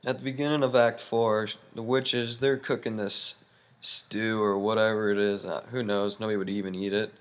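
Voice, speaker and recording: Young guy retelling a play, slangy. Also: medium pitch. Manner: slangy, lots of "like", slow deadpan delivery. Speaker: student presenter. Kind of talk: casual comic retelling of a play.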